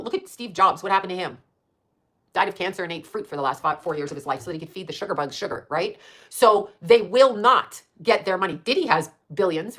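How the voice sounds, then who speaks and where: Fast-talking blunt, profane woman near sixty. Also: medium pitch, fairly bright tone. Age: late 50s. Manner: quick, rambling, laughs at her own jabs. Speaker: channel host. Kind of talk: casual live-stream rant.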